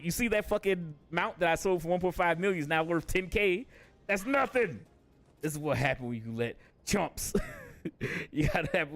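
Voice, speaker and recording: A man chatting casually on a game live stream, laid-back and jokey, swearing and laughing often. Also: mid-range voice.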